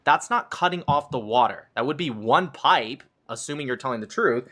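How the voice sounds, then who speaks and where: A man's voice: medium pitch, lively intonation, moderate pace, a bit bright. A man debating in a heated live argument, combative and sarcastic, often cutting in.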